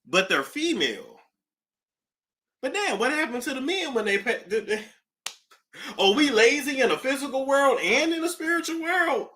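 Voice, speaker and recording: A woman hosting a casual celebrity gossip talk, animated, with nervous laughter and dramatic gasps. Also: high voice, moderate pace, pauses often.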